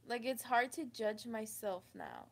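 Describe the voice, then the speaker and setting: A woman with a slightly high voice, gravelly at the edges, speaks straight to the camera. She tells a personal story in a halting, emotional way, stopping and restarting her sentences often. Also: wildly swooping pitch. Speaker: vlogger. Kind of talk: confessional storytime.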